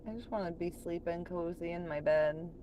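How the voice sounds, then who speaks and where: A woman's voice: on the low side, a little fast, warm tone, slight background noise. A woman chatting on a late-night livestream from home, profane and laughing often while she reads chat aloud.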